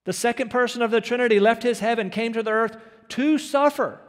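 A man's voice: very high voice, fairly quick, long reverb tail. A man preaching a sermon as pastor, earnest and emphatic, asking his listeners questions.

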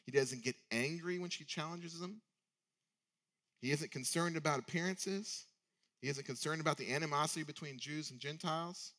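A man's voice: on the high side, normal speed, bright, forceful tone. Conversational male preacher with rhetorical questions. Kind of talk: sermon.

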